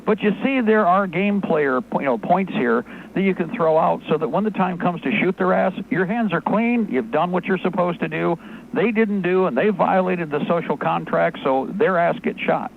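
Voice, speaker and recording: A man hosting a talk radio show, delivering a sarcastic, rapid-fire ranting monologue. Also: sits high, vocal fry. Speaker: radio host. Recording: tinny phone-line audio, faint noise.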